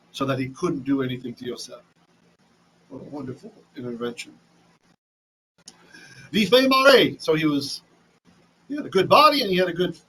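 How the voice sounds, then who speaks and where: A man's voice: fairly high pitch, bright, forceful tone, breathy edge, rough recording. A man teaching a casual Bible lesson, chatty, often restarting and asking "right?", reading Hebrew with an Ashkenazi accent. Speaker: Torah teacher.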